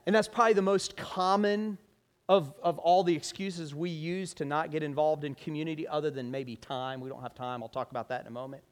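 A male pastor delivering a conversational sermon, often asking the congregation rhetorical questions. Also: fairly high pitch.

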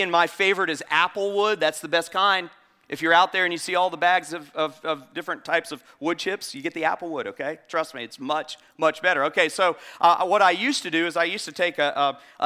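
Bright-voiced man preaching. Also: a little high, clear, resonant tone. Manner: conversational storytelling with frequent restarts; hushed, slow prayer voice. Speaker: pastor. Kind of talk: sermon.

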